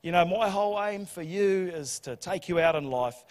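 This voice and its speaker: A man's voice: sits high, lively intonation, moderate pace, pitched below the performer's own voice. A pastor voicing a sly, scheming male evil spirit that mutters casually about wrecking a life, in a reverberant church hall.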